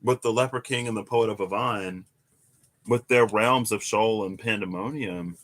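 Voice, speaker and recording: A young man giving a casual, musing tarot reading, animated at times with sudden high exclamations. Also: moderate pace. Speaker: tarot reader. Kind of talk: casual reflective monologue.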